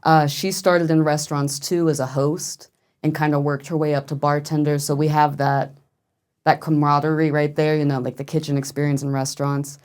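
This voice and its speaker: Low-voiced woman, lively storyteller. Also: fairly quick, clean tone. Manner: animated storyteller, acts out quoted voices. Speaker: guest artist. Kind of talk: casual podcast conversation.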